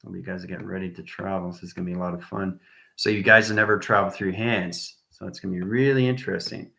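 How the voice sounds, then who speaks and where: A man's voice: low voice, steady tone, fast, vocal fry, pushed and bright, reverberant. A man giving a rambling, enthusiastic livestream talk to his viewers, repeating himself and dropping into whispers now and then. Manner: enthusiastic, repetitive, drifts into whispers. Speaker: online spiritual teacher.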